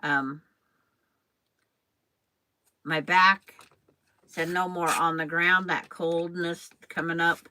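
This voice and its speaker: Slow, chatty older woman quilter. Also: on the low side, little pitch movement, sharp tone, poor audio. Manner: rambling, chatty, addresses viewers by name. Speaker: quilting channel host. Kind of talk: casual chat while sewing on a live stream.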